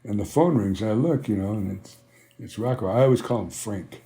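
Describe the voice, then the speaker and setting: Low, mellow-voiced older man telling stories. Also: a little fast. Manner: rambling, fills with "you know", acts out dialogue. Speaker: interview guest, band founder. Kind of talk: conversational storytelling.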